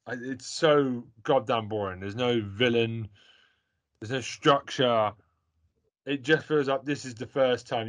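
Guy hosting a chat, peppy and jokey, swears a lot, mid voice. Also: mid-range voice. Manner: excitable, swears freely, jokey. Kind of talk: casual chat. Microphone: video call.

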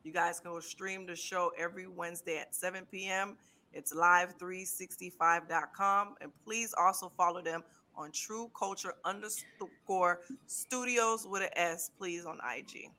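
A woman co-hosting a podcast in casual chat, talking in quick, laughing bursts. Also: fairly low pitch, fairly even intonation, bright, forceful tone. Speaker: podcast co-host.

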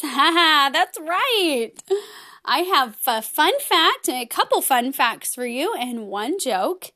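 Bright, playful woman hosting a children's lesson. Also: high voice, very animated, slow. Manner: gentle, playful and encouraging, laughs often. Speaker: children's program host. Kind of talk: children's lesson with song and breathing game.

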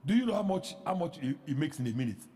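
A man pastor preaching a sermon, animated, with rhetorical questions that rise into shouts. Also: a little high, quick pace, big-room sound.

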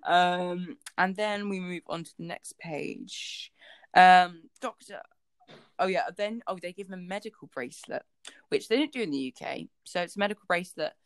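A woman's voice: fairly low pitch, normal speed, dry recording. A woman co-hosting a book podcast, chatting casually and rambling with lots of fillers. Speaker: podcast co-host.

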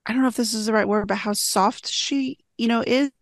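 A woman guesting on a podcast, chatting in an animated way and laughing often. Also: fairly high pitch, fairly quick, no echo, studio quality. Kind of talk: casual chat.

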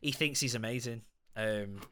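A man's voice: mid-range voice, moderate pace, crowd noise. A man, chatting casually and swearing as a podcast co-host. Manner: chatty, swearing, self-mocking. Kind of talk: casual chat.

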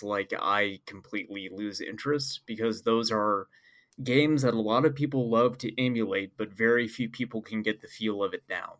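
A man's voice: medium pitch, moderate pace. A man in casual conversation, making wry jokes and laughing along. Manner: joking, wry asides, laughs. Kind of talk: casual chat.

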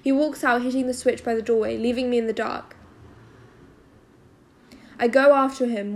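A woman narrating a first-person novel as an audiobook, in a steady storytelling manner. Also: fairly high pitch, moderate pace, pauses often.

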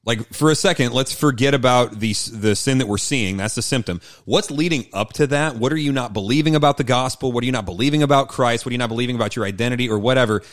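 A man co-hosting a casual faith podcast, talking in an animated way and often restarting his sentences. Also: medium pitch, fast, few pauses, dry recording, studio quality. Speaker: podcast co-host.

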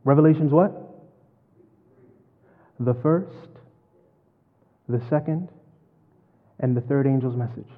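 A man preaching a sermon and telling a story, swinging from loud to hushed. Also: mid-range voice, slow pace, pauses often. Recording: phone-like, long hall reverb.

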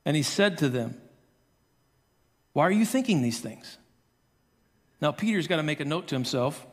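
High-voiced preacher in a reverberant hall. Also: male voice, moderate pace. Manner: animated storytelling, acts out voices. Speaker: pastor. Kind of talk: sermon.

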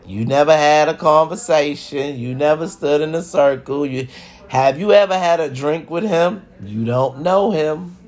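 A man hosting an hour-long live show, delivering a brash, profane, swaggering monologue that repeats phrases and swings between loud and hushed. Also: fairly high pitch, a little slow. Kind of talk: casual boastful monologue.

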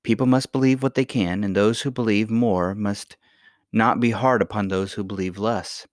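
A man reading a storybook, voicing a sweet and gentle magical old grandmother with a soft, kindly manner. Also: fairly low pitch, normal speed, no room sound, studio quality, natural voice. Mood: tender.

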